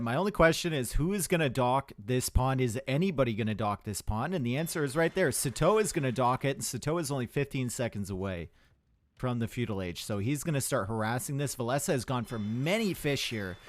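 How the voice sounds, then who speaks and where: A man's voice: medium pitch, animated, brisk. A young man casting a live strategy game match, chatty and rambling, with asides to his chat. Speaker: esports caster.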